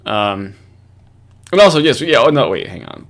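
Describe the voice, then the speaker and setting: A man's voice: medium pitch, sing-song, unhurried. A man giving casual, rambling reaction commentary at his computer, swearing often and breaking into laughs.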